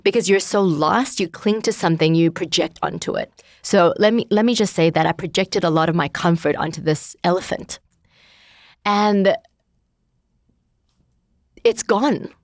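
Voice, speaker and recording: Lady in her 30s opening up in an interview, lots of "like"s, kinda low voice, dead dry mic. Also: normal speed, pauses often, no room sound. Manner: candid, searching, full of "like" fillers. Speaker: interview guest. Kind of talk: reflective personal conversation.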